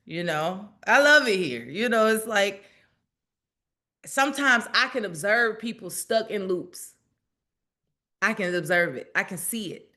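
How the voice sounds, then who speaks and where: A woman's voice: medium pitch, lively intonation, measured pace, pauses often, bright, forceful tone. A woman hosting a casual spiritual livestream, chatting directly to her viewers and laughing often.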